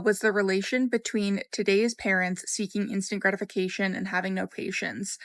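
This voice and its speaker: A woman's voice: medium pitch, fairly bright tone, no room sound, studio quality. A woman giving a wry, opinionated commentary in a casual tone.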